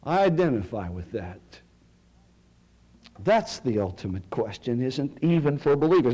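A male preacher, delivering a sermon with dramatic swings from loud cries to near-whispers. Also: mid-range voice, very animated, moderate pace, husky.

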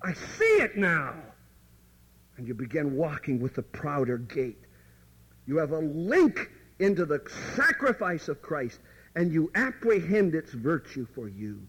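A man's voice: fairly high pitch, big pitch swings, unhurried, slightly rough, rough recording. Man preaching with dramatic emphasis. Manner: emphatic, dramatic, drops to near whispers; addresses listeners directly and personally. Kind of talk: sermon.

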